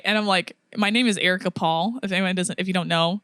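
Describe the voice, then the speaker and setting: A young woman on a podcast tells a long personal story in casual chat. She laughs a lot and acts out each quote, at a middle pitch. The sound is close and dry. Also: steady tone, brisk, bright, forceful tone, no echo. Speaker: podcast co-host.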